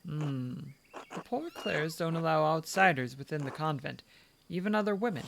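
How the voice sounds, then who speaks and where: A gentle elderly nun speaks in a British voice with a slight cockney twist, as a man puts her on. She is kindly and a little sly. The tone is coaxing, and a faint hiss sits behind the voice. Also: a little high, expressive, normal speed, vocal fry. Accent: put-on British, a little cockney. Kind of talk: reading game dialogue aloud.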